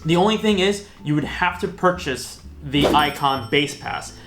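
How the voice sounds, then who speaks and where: A chatty, upbeat man talks through a casual vlog in a slightly high voice, tossing in self-mocking asides. The sound is roomy and echoey, with faint guitar music behind him. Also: expressive, measured pace. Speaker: host. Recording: roomy echo.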